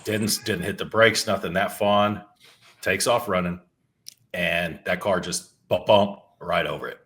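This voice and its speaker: Middle-aged guy rambling thru a story on a podcast, kinda low voice, cusses a lot, keeps restarting words. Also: fairly even intonation, a little slow, a bit bright. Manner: rambling, loose, swears freely, restarts words. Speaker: podcast co-host. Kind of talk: casual storytelling. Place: home.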